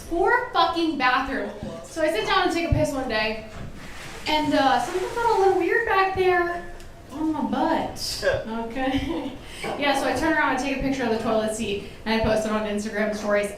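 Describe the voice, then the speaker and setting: A woman's voice: sits high, expressive, normal speed, a bit bright, slight background noise. A woman in her thirties telling a profane stand-up story in a drawling manner on a club stage. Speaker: open-mic comedian. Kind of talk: stand-up set. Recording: very echoey, distant from mic.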